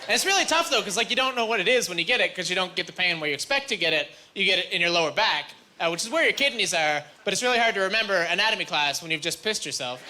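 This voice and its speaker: A Canadian man with a high, expressive voice races through a stand-up set with hardly any pauses. Rambling from story to story, he acts out each quoted voice. It's a live club recording full of loud crowd noise and laughter.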